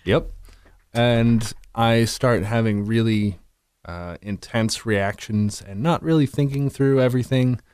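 A man's voice: mid-range voice, slow, a little mellow, smooth, dry recording, clean studio sound. A man co-hosting a podcast, talking candidly and self-deprecatingly with crude jokes. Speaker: podcast co-host. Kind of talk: casual chat.

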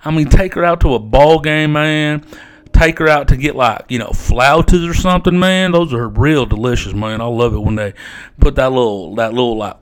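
Guy doing a stoner character from amarillo, kinda high voice, rambling and cussing, says man after everything. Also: clean tone, natural voice. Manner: ends nearly every phrase with "man", profane and boastful. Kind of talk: improvised comedic character monologue.

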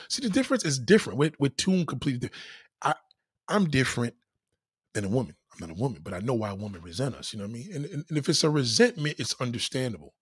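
A man's voice: mid-range voice, sing-song, fast talker, breathy edge, dry recording, studio quality. A man hosting a live stream, answering his chat in a blunt, profane and boastful way. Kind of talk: casual live-stream monologue.

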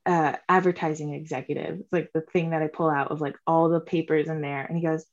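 A woman's voice: sits low, a little fast, muffled recording. A woman in her twenties telling a story in casual chat, acting out what people said, swearing and saying "like" a lot. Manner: animated, acts out quotes, swears, says "like" often.

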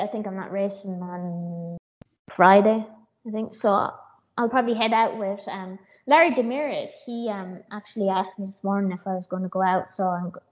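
Irish woman with a hesitant, muffled voice. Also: medium pitch. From Ireland. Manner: hesitant, many fillers and restarts. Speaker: jockey, guest. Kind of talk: casual interview.

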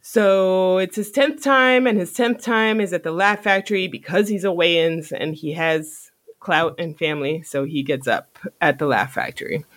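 A podcast host telling a story in casual chat, animated and profane, often laughing. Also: medium pitch, normal speed, no room sound.

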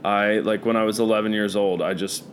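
A man from the Philadelphia area with a Philadelphia accent, a DJ being interviewed, talking in a flat deadpan way. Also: fairly quick, slight background noise. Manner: deadpan, low-key delivery. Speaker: guest, DJ. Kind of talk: casual conversational interview.

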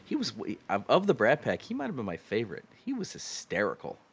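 A man co-hosting a casual podcast chat, chatty and quick with pop-culture trivia, laughing easily. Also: mid-range voice, huge pitch swings, breathy edge.

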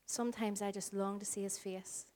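A woman's voice: mid-range voice, steady tone, normal speed. Northern Irish woman pastor preaching. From Northern Ireland. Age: 40s. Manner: earnest, varies pace, drops to soft whispers for emphasis. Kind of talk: sermon.

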